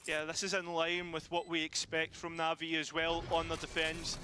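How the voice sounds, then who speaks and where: A man giving measured, explanatory color commentary on an esports match. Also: fairly high pitch, monotone, sharp tone, soft background music. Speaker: analyst caster.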